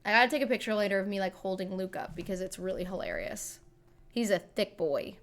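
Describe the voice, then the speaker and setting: A woman's voice: mid-range voice, brisk. A woman in her thirties chatting casually and fondly on a home livestream, bubbly and talkative. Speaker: streamer.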